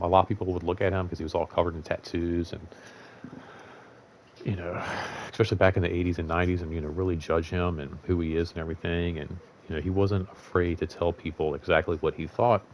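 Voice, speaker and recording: Hosting his own show, a young man rambles through a casual monologue with a low, slightly mellow voice, fairly even intonation, and a fairly quick pace. Fillers and candid, profane remarks fill his speech, and there's slight background noise.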